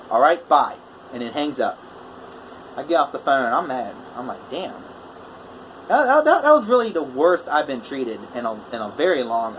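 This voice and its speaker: A welder man talking straight to the camera in a casual vlog, retelling a customer dispute. He jumps between his own even voice and the other man's heated lines. A faint hum sits under the voice. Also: medium pitch, rough recording. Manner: animated retelling, quoting both sides of a phone argument. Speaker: welder telling a customer story.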